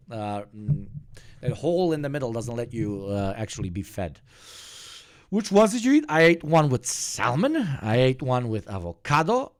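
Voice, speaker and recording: Man from the balkans, slight slavic accent, squeaky voice with deep undertones, lively, joking streamer. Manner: joking, rambling, swears freely. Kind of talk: casual stream chat.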